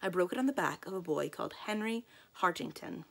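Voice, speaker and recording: A woman reading a storybook aloud, voicing a gaunt, stern old governess with a deep, gruff, dry deadpan manner. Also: fairly quick, exaggerated voice.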